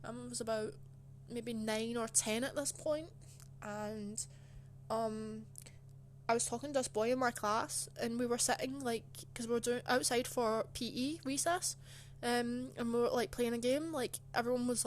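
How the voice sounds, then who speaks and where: A woman's voice: on the high side, steady tone, a little slow, a little hiss or hum. A young woman telling a casual personal story, chatty and indignant, full of filler words. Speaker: channel host.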